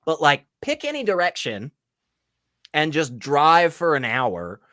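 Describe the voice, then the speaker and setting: A man's voice: fairly high pitch, huge pitch swings, unhurried, sharp tone, no echo, studio quality. A man hosting a casual group conversation, speaking with enthusiasm and emphasis. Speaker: host.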